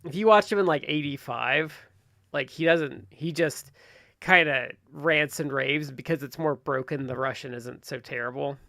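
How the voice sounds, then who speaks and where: Podcast guy rambling casually, bit higher voice, dry close mic. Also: gravelly, pushed and bright, dry recording. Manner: chatty, quick asides, trails off mid-sentence. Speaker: podcast co-host. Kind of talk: casual chat.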